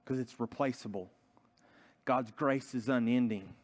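A man's voice: medium pitch, a little slow, long pauses. A man preaching a sermon in a church, telling a story earnestly and often restarting his sentences. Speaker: pastor.

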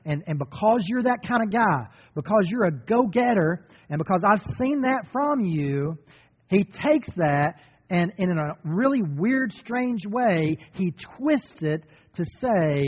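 A man's voice: sits high, animated, unhurried, breathy edge, big-room sound, dull audio. A male pastor delivering a sermon, preaching emphatically with lots of repetition.

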